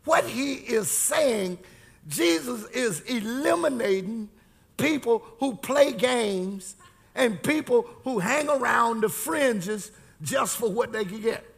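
Man, preacher, high voice, gravelly, shouts and stretches words, call-and-response sermon.

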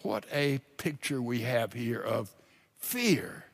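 Slow dramatic older male preacher. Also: mid-range voice, very animated, creaky. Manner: dramatic preaching, drops to a hush for quoted scripture. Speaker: pastor. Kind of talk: sermon.

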